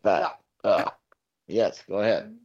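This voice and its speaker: A man co-hosting a podcast, chatting casually with jokey, quick interjections. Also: on the low side, a little mellow, breathy edge. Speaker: podcast co-host. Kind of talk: casual conversational chat. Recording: dull lo-fi sound.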